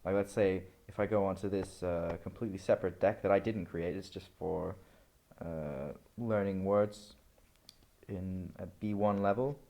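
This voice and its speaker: A man's voice: low voice, normal speed, mellow. A man talking casually through a screen-recorded study session, rambling and correcting himself as he goes. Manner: rambling, self-correcting, chatty. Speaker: language learner vlogger.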